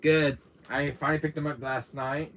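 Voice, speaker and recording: A man's voice: a little high, little pitch movement, moderate pace, a bit bright. A man hosting a gaming stream, chatting casually and rambling with many fillers and frequent laughter. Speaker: gaming channel host.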